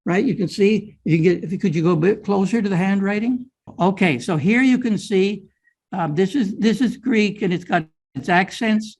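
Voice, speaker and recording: An older man gives a guided lecture on an old manuscript, explaining it step by step and frequently checking in with a "right?" His voice is high, a little mellow, and husky.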